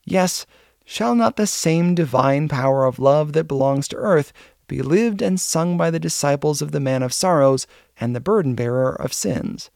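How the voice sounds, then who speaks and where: A man narrating an old novel as an audiobook, in a steady, earnest storytelling manner. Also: a little high, normal speed, creaky, no room sound, clean studio sound.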